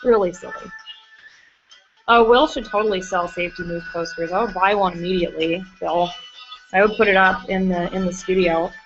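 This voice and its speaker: A woman's voice: fairly low pitch, steady tone, moderate pace. A woman live-streaming from her home studio, chatting casually and gushing as she answers viewers while she works. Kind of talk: casual chat while working. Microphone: computer mic on a livestream. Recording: muffled lo-fi stream audio, faint music.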